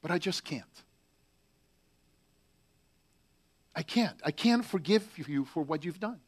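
A man's voice: sits high, expressive. A man reading as a heartbroken Marine. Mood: anguished. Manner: bitter, pained, halting. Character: angry, heartbroken young male Marine writing home. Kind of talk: letter read aloud in a sermon.

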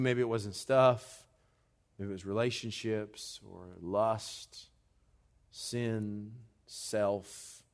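A man preaching a sermon as pastor, slow and deliberate, building to loud urgency in a church. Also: fairly low pitch.

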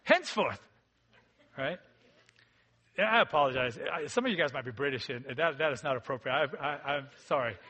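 A man preaching a sermon as a pastor, in a conversational way that swings between loud emphasis and quiet, intimate asides. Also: medium pitch, fast talker, hardly any pauses, husky, highs cut off.

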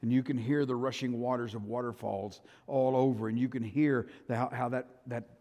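A man preaching a sermon as pastor, telling the story dramatically with loud, high bursts and quiet, plain-spoken asides. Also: fairly even intonation, normal speed. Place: church sanctuary. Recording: long hall reverb.

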